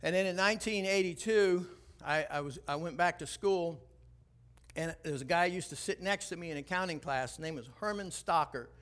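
A man in his sixties preaching a sermon, telling stories animatedly, acting out dialogue and building to loud exhortation. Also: a little high, brisk. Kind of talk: sermon storytelling.

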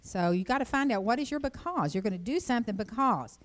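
A middle-aged woman giving an informal devotional talk, telling rambling personal stories and jumping high in pitch when she quotes herself. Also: animated, quick pace. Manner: chatty, rambling storyteller, jumps up high when quoting herself. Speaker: Christian speaker.

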